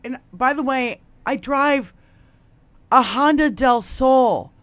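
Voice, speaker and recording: A woman co-hosting a casual podcast chat, swearing freely and laughing loudly as she tells stories. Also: high-pitched, slow. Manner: loud, laughing storyteller, swears often. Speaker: podcast co-host.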